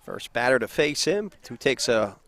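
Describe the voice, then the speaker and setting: A man calling a college baseball game play by play from beside the field, easygoing and quick to laugh. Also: medium pitch, sing-song, creaky, a bit bright. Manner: easygoing, laughs often with co-commentator. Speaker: play-by-play announcer. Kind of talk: live baseball commentary. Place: outdoors beside a ball field.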